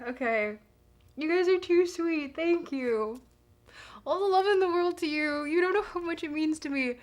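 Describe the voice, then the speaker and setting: A woman's voice: high-pitched, measured pace. A young woman streaming live, chatting casually, bubbly and giggly as she gushes thanks to her viewers. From Canada.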